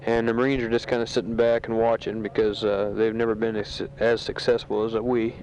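A man who is a soldier, recording a casual spoken letter home from a sandbag bunker, talking matter-of-factly with a halting delivery full of fillers, on a dull home tape recording. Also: on the low side, little pitch movement, a little mellow, a little hiss or hum. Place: sandbag bunker in a war zone.

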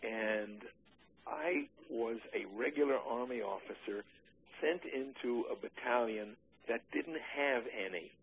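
An older man in an oral history interview, recalling his army days with dry humor and many halting "uh" restarts. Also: medium pitch, creaky, slight background noise, poor audio.

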